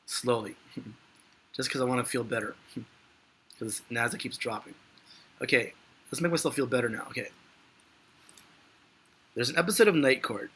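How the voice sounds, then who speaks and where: A man's voice: mid-range voice, moderate pace, pauses often, sharp tone, husky. A man giving live stock market commentary in a rambling, frustrated, joking way.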